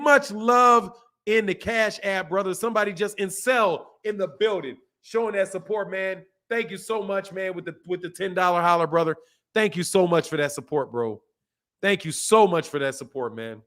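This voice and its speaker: A man hosting a boxing livestream, talking in a slangy, animated way and laughing often while reading out viewer messages. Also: high-pitched, normal speed. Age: adult, a father. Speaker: boxing channel host. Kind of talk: casual livestream chat.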